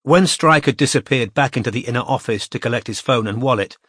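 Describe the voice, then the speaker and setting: A man's voice: medium pitch, fairly bright tone, breathy edge, no echo. Man narrating a detective audiobook, dry close. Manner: measured storytelling. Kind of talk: scripted narration.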